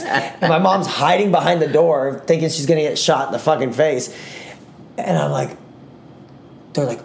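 A young man co-hosting a podcast, telling a long profane story in a rambling, animated way. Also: fairly high pitch, normal speed, vocal fry, long pauses, crowd noise. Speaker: podcast co-host. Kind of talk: casual storytelling chat.

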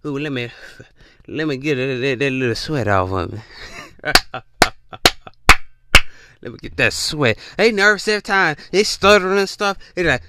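A man's voice: fairly high pitch, animated, moderate pace, pauses often, pushed and bright. A man hosting a podcast, giving a preachy motivational monologue, calling out to listeners and often restarting with repeated words. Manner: repetitive call-outs to listeners; stammering restarts. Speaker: podcast host.

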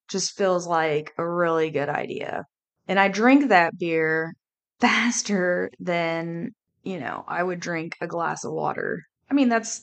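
Slow-talking woman telling her own story. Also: on the low side. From Kansas City area. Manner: candid, reflective, unhurried. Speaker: podcast host. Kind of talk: personal storytelling.

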